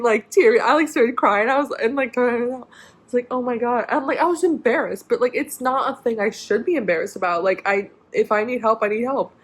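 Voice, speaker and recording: Young woman, casual storytime vlog, rambling, lots of fillers. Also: mid-range voice. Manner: rambling, many "like" fillers and restarts. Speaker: vlogger.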